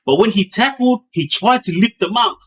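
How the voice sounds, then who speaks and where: Man, slightly high voice, casual storytelling, rambling with fillers, punchy sound effects. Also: normal speed. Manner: animated, acts out sounds with bangs and booms; loose and rambling, many fillers and restarts.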